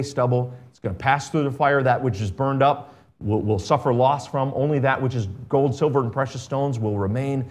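A pastor preaches a sermon, reading scripture aloud and swinging between emphatic and quiet delivery. His voice is medium-pitched.

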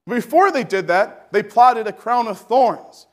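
A man preaching a sermon with fervent delivery that climbs to shouting. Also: high-pitched, moderate pace.

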